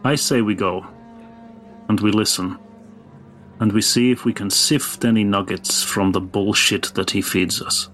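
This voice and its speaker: A man playing a tabletop game, speaking calmly and bluntly in and out of character. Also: lowish voice. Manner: calm, deliberate and blunt in character. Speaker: player. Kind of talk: tabletop role-play, in and out of character.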